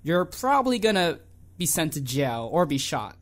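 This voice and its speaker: A man from the United States co-hosting a podcast, chatting casually in a quick, loud, joking way. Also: a little high, sing-song. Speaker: podcast co-host.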